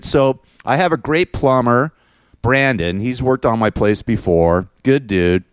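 A middle-aged man hosts his own show in a loose, rambling monologue. His voice is smooth and resonant, and the recording is dry and close with no room sound. He tells his stories with crude humor and plenty of swearing. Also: mid-range voice, measured pace, no echo. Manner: crude, swearing, animated storytelling. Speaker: show host.

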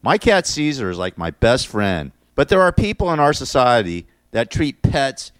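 A man's voice: mid-range voice, big pitch swings, normal speed, no room sound, studio quality. A middle-aged man hosting a radio show, ranting sarcastically and rambling between laughs.

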